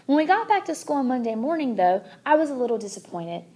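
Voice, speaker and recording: Woman audiobook reader, children's chapter book, lively, slightly high voice. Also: fast talker. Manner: expressive, animated.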